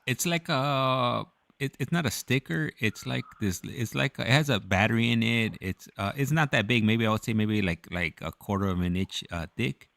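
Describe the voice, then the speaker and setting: A man's voice: mid-range voice, moderate pace, creaky, fairly bright tone, no echo. A male host in casual chat, rambling with many fillers as he explains things.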